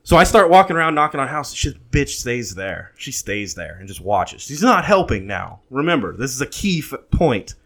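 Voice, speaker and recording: Man in his thirties, casual chat, swears a lot, restarts sentences, middle-pitched voice. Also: very animated, normal speed, hardly any pauses. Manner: profane, rambling storyteller with frequent restarts.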